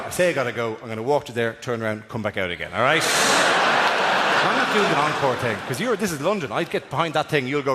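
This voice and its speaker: An Irish male comedian with a bright, fairly high voice performs stand-up in a big theatre, swinging wildly in pitch as he rants. The recording is live, with loud audience laughter and noise behind him. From Ireland. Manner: rapid, animated, breathless rants. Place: large theatre.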